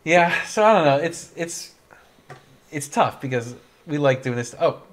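A man's voice: a little high, expressive, measured pace. A young man hosting a casual livestream chat, tired and yawning, rambling and laughing often. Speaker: livestream host.

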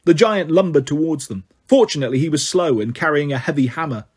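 A man narrating a fantasy novel aloud as an audiobook reader, in a steady storytelling manner. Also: a little high, quick pace, slightly rough. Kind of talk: audiobook reading.

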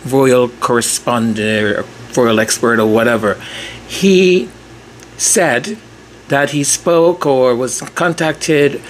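A man's voice: mid-range voice, slight background noise. A man hosting a commentary vlog, talking casually and chattily, leaning on "like" and restarting his sentences. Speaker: commentary channel host.

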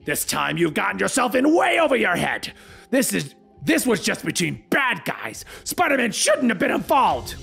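A man shouting as Electro, a manic villain. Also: high-pitched, huge pitch swings, moderate pace, vocal fry, breathy edge, soft background music, exaggerated voice. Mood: angry, taunting. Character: Electro, loud hot-headed male supervillain.

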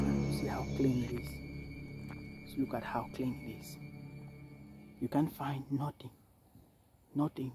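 A man walks through a forest outdoors, filming a vlog and talking to his viewers, often calling them "guys" and repeating himself. His voice is medium-pitched with fairly even intonation, and he speaks at a measured pace with frequent pauses. Clear music plays under his voice.

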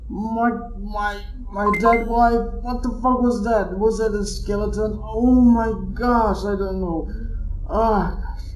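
Man, gamer, high voice, slow nervous muttering, swearing, echoey room. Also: steady tone, a little hiss or hum. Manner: jumpy, swearing, muttering to himself. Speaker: gamer playing a horror game. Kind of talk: live gameplay commentary.

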